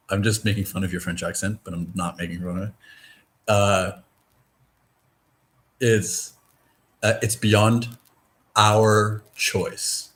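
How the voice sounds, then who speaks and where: A man in casual conversation, talking in a rambling, halting way with many fillers and restarts, and swearing now and then. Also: on the low side, little pitch movement, a bit bright. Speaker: discussion participant.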